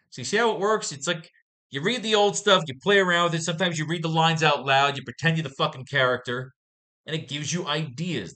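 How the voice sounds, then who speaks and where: Bright, profane man teaching comic writing. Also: medium pitch. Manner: profane, enthusiastic, thinks out loud. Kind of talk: casual online writing lesson.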